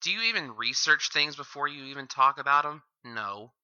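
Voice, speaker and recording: A man's voice: medium pitch, animated, normal speed, pushed and bright, slight background noise. A man hosting a reaction commentary, heckling and insulting the video with constant swearing. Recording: dull lo-fi mic.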